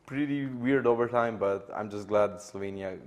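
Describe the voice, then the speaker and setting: A Serbian-accented man breaks down a match in English, his second language. His voice is fairly low, and he tells the story animatedly, with lots of filler words. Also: moderate pace. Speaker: esports analyst. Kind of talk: studio analysis chat.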